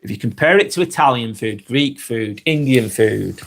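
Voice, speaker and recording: A man in his forties with a Northwest English accent, getting over a cold, reading out viewers' comments and chatting back in a relaxed, friendly way. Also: mid-range voice, normal speed, gravelly. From Northwest England. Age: 40s. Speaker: live stream host reading comments. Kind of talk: casual live chat.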